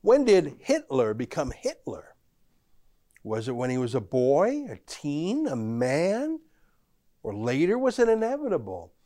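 A man's voice: medium pitch, darkish tone, no room sound. A male podcast host gives a pointed political monologue. He leans on rhetorical questions and emphasis. His voice sits in a middle register, and the recording is close and dry.

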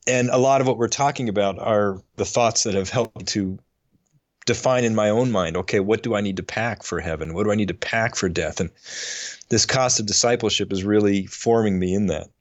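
A middle-aged man on a faith podcast, telling a personal story in an earnest, halting way and getting choked up. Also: on the low side, no room sound, lo-fi sound. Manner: earnest, halting, with frequent restarts. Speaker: podcast co-host.

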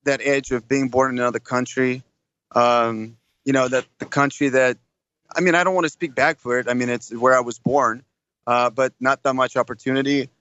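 A man's voice: medium pitch, fairly even intonation, moderate pace, a bit bright, muffled recording. A man in his thirties from Russia with a Russian accent, a podcast guest talking eagerly and rambling with many restarts, calling in from an airport. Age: 30s. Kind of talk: casual interview. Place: airport, background noise.

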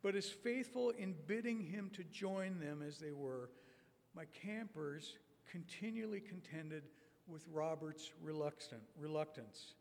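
A man in his sixties gives a talk that tells stories the way a sermon would. He speaks at a slightly higher pitch than most men, in a measured, wry way with deliberate pauses. His voice rings with the long reverb of a conference hall. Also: darkish tone. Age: 60s. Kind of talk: prepared talk with sermon-like storytelling.

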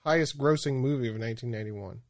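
A man's voice: mid-range voice, quick pace, darkish tone, no room sound, studio quality. A man co-hosting a podcast in casual chat, brash and profane with mock-aggressive banter. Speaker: podcast co-host.

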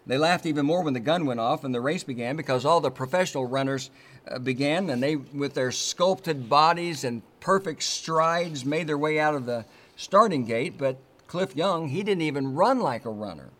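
A man preaching a sermon from the United States, earnest and measured, stressing key words and repeating phrases for emphasis. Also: fairly high pitch, expressive, a bit bright. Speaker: pastor.

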